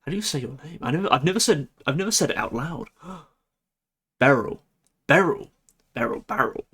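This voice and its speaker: A young man chatting on a live stream, excitable, giggly and stammering as he talks. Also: on the high side, a little fast, breathy edge. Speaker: VTuber streamer. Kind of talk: casual live-stream chat.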